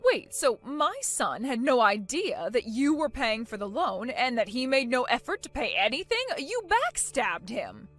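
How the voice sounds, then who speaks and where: A woman voicing a bossy shouting mother-in-law. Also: on the high side, big pitch swings, a little slow, hardly any pauses, heavily acted. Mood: alarmed. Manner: loud, indignant, demanding. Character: bossy angry middle-aged mother-in-law. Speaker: voice actor. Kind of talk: animated story voice acting. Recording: faint music underneath.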